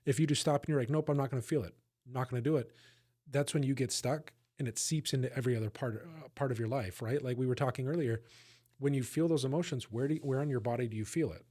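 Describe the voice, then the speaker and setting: This podcast co-host speaks quickly in a medium-pitched, somewhat dark voice. His casual conversation is earnest and reflective, and he frequently checks in with his listeners.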